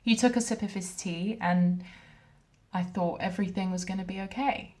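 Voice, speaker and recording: An actress playing a young wife who records a shaken video message to her mother, speaking softly and haltingly. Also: mid-range voice, lightly acted, low-quality recording. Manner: soft, hesitant, halting delivery with quiet dips. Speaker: actor in a short film. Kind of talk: dramatic monologue as a video message.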